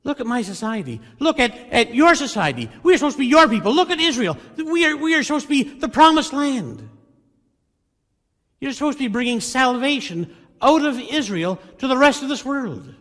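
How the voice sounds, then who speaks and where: A man's voice: extremely high pitch, big pitch swings, a little fast, a bit bright, voice pushed up, full character voice. A male pastor voicing an adult man, an anguished prophet crying out in desperate, raging protest. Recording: reverberant church hall.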